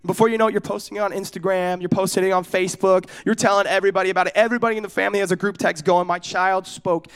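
A man's voice: high-pitched, steady tone, very fast, hardly any pauses, clean tone. A young adult man from California preaching a casual sermon, joking and telling stories, asking the audience questions and going off on tangents. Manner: joking, storytelling, audience asides. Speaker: pastor.

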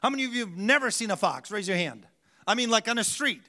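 A male pastor gives a sermon in a loose, conversational way, stopping often to quiz the congregation. His voice sits high and comes across bright and forceful. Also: animated, fast.

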